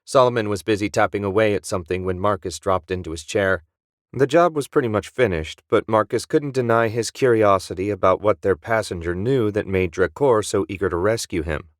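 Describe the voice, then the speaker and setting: Speaking at a fairly low pitch and a brisk pace, a man narrates a scripted audiobook in a steady, even storytelling manner. The studio-quality recording has no room sound.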